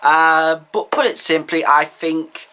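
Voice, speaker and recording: A man's voice: fairly high pitch, takes it slowly, pushed and bright, clear, resonant tone. A man giving candid, opinionated views in a rambling casual vlog. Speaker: vlogger.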